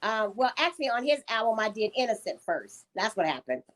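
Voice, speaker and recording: Woman guest, chatty storyteller, fairly high pitch. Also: very animated, a little fast. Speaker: guest singer. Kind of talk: casual interview chat.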